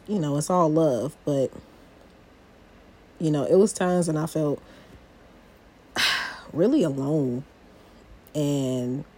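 A young adult woman hosts a personal podcast, speaking straight to her listeners in a chatty, confiding manner. Her voice is low and mellow.

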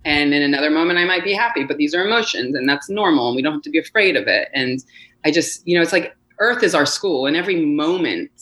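A woman's voice: deep voice, expressive, fast talker, a bit bright, low-quality recording. A woman who is a podcast guest and mother, talking in a rambling, earnest way with many fillers. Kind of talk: casual podcast conversation.

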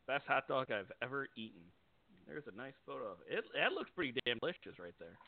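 A man from upstate New York hosting a podcast, telling a story in an easygoing, animated way. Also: medium pitch, fast, creaky. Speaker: podcast host. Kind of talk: casual chat, storytelling. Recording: dry, tinny phone-like line.

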